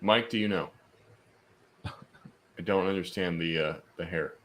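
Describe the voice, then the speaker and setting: Low-voiced easygoing podcast co-host man. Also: unhurried, a little hiss or hum. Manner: easygoing, reads chat aloud, chuckles. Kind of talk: casual live-stream chat.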